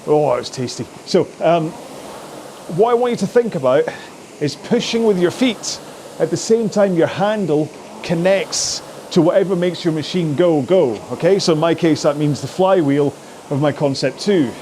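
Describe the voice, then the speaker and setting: A man's voice: fairly high pitch, animated, normal speed, a little mellow, a little hiss or hum. Chatty man coaching a rowing workout. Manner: chatty, jokey and encouraging. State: talking while rowing on a machine. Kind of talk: follow-along workout instruction.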